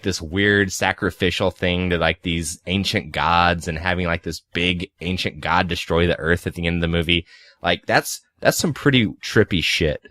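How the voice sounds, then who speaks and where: A man's voice: low voice, fairly bright tone, no room sound, studio quality. A man in his twenties co-hosting a casual movie podcast, rambling with lots of fillers and the odd sarcastic aside. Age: 20s. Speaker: podcast co-host.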